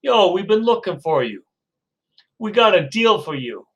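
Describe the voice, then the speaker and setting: A man's voice: high voice, very animated, moderate pace, fairly bright tone, lo-fi sound, pitched above the performer's own voice, full character voice. A man putting on a pushy, slangy gun dealer. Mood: brash. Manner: streetwise, swaggering.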